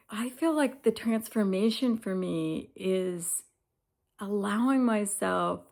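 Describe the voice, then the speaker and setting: A woman's voice: mid-range voice, slow, vocal fry, darkish tone. A woman in her seventies talking candidly and reflectively in a casual personal vlog. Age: 70s. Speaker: lifestyle vlogger.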